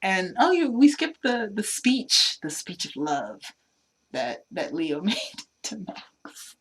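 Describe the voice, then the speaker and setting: Woman in her 30s on a podcast, laughs a lot, voice bounces all over, mid pitch. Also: takes it slowly, slightly rough. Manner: laughs often, animated retelling. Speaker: podcast co-host. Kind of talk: casual chat reviewing movies.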